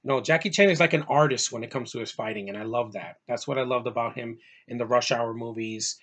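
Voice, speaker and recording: A man's voice: mid-range voice, fairly quick, fairly bright tone. A man giving a casual movie review on his channel, enthusiastic and rambling, with lots of fillers and restarts, sounding a little tired.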